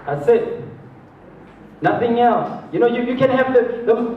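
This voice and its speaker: High-voiced man in an echoing hall. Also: measured pace, pauses often, slight background noise. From South Africa. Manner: animated, acts out voices of others, chuckles often. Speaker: motivational speaker. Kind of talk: motivational talk to a live audience. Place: large hall with an audience. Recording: distant, roomy, dull hall recording.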